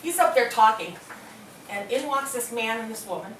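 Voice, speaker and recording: A woman's voice: on the high side, normal speed, a little hiss or hum. A middle-aged woman telling a story to an audience in a hospital meeting room, acting out other people's words as she goes. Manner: animated, acts out quoted voices. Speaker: speaker at a hospital presentation. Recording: echoey room, mic from a distance.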